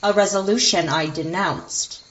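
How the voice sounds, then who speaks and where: A woman's voice: medium pitch, fairly even intonation, a little slow, echoey room, dull audio, close to an everyday voice. A woman voicing a suspicious, commanding forest kingdom leader in an audio drama. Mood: hostile. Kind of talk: indie audio drama acting.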